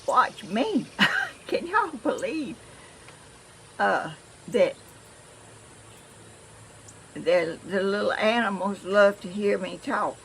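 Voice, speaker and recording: An older woman from Georgia with a flat Southern accent, chatting casually and rambling to her viewers as she shows a crafting project at home. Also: fairly low pitch, creaky, slight background noise, poor audio. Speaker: craft vlogger.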